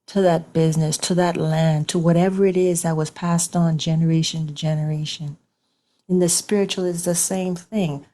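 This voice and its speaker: A woman's voice: on the low side, mellow. A woman giving an informal online sermon as a Bible teacher, conversational and repetitive, with colloquial grammar.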